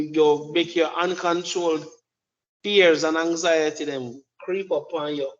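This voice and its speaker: A man's voice: a little high, highs cut off. A man with a Jamaican accent delivering an emphatic, preachy opinion monologue, often repeating his words. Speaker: commentator.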